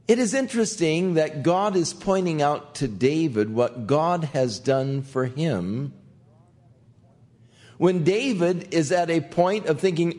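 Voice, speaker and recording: An older man, a pastor, teaching the Bible verse by verse in a gentle conversational way, softly voicing the quotes he tells. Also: on the high side, expressive, takes it slowly.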